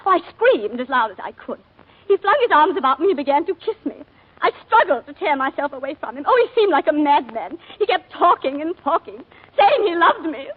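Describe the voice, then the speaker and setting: A shaken planter's wife telling of a shooting, high lively voice, halting and emotional, 1940s radio acting, tinny old broadcast. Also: female voice.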